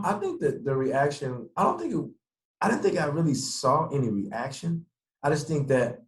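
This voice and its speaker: A man, a former pro football player, telling animated stories in an interview and acting out the people he quotes. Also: medium pitch. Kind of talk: interview storytelling. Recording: echoey room.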